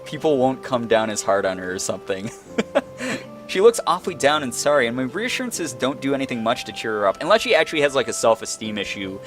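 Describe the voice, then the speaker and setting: A man's voice: medium pitch, very animated, quick pace, soft background music. Chatty young man reacting to a game. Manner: chatty, giggly, lots of "like". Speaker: let's play gamer. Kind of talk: casual game commentary.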